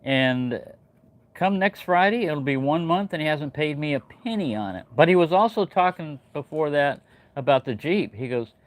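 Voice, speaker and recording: His voice sits fairly high and sounds expressive, moving at a moderate pace with no room sound. He's a New Mexico native hosting a laid-back livestream from home in Texas, spinning a long, wandering tale packed with fillers and restarts.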